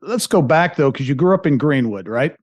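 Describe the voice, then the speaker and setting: A man hosts an interview podcast, his voice a touch higher than most men's. He asks his questions conversationally, stumbling through fillers and restarts, and the recording is dry and close, with no room sound. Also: lively intonation, fairly quick, dry recording. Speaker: podcast host. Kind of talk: casual interview.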